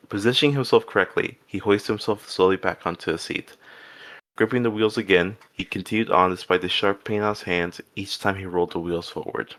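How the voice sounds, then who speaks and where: Low-voiced man reading fan fiction. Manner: steady reading with occasional restarts. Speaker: fanfic reader.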